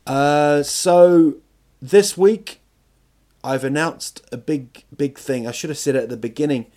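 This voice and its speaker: A man tells a funny story on his podcast, and he often wanders off track. He mocks himself and fills his pauses with ums and uhs. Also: on the high side, dark tone. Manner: rambling and self-mocking, with many fillers. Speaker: podcast host. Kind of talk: comic storytelling monologue.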